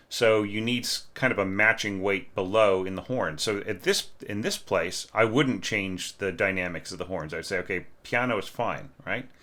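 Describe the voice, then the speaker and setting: A man teaching orchestration, talking through a student's score in a relaxed, conversational way, often asking "right?" and singing phrases on syllables. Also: on the low side. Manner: conversational, keeps checking with "right?", sings phrases as "da, da" and "bum, bum". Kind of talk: informal music lesson.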